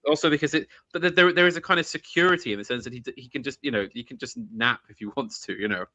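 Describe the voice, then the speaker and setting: Bright-voiced man, eager and halting. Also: medium pitch, no room sound. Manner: enthusiastic, halting, often laughing. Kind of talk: casual chat.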